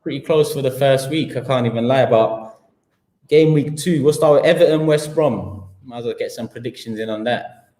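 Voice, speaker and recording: Heated London football host, echoey room. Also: male voice, mid-range voice, normal speed, warm tone. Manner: slangy and heated, piling up points. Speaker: host of a live football talk show. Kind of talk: live-stream football rant.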